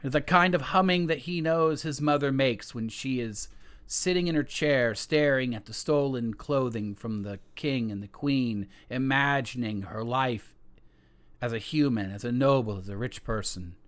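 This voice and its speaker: A man's voice: mid-range voice, a little slow, a bit bright, smooth. A man playing a tabletop game, telling a folk story in character as a dramatic storyteller.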